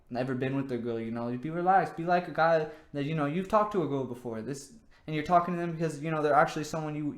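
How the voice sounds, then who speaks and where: A man hosting his own vlog, giving dating advice in a rambling, casual monologue, repeating words and saying "you know" often. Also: a little high. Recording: echoey room.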